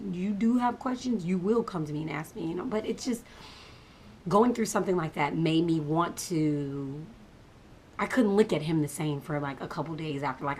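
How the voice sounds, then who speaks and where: A mother telling a story about her son in an animated, casual way, dropping to whispers for asides. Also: sits low, slight background noise.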